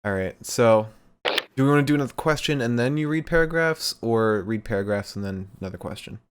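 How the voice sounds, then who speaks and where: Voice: medium pitch, lively intonation, a little fast, clear, resonant tone. A podcast co-host in casual live-stream chat, laid-back and often laughing, explaining the donation rules.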